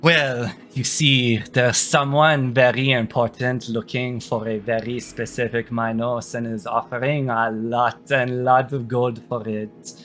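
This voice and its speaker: A man's voice: mid-range voice, little pitch movement, unhurried, hardly any pauses, fairly bright tone, pitched below the performer's own voice, natural voice. A man voicing a haughty, cruel female queen who taunts her minotaur captives in a tabletop game. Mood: scheming.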